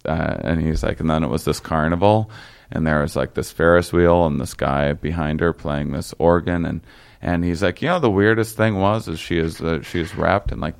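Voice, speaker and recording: Low gravelly man telling a rambling story. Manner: rambling, halting with fillers and restarts. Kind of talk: casual storytelling.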